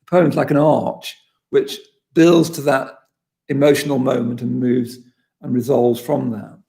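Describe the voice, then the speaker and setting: A man with a British accent, a poet leading a session, reading a poem slowly and then discussing it in quick, animated bursts. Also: mid-range voice, gravelly. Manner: reads slowly and deliberately, then talks fast and animated. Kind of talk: poetry reading and talk.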